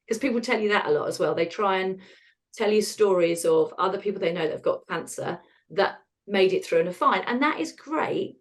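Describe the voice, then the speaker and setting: A woman, a podcast guest talking frankly about hard times, laughing at the dark parts. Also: mid-range voice, lively intonation, brisk. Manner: frank and self-deprecating, laughs at dark moments. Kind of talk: candid conversational storytelling.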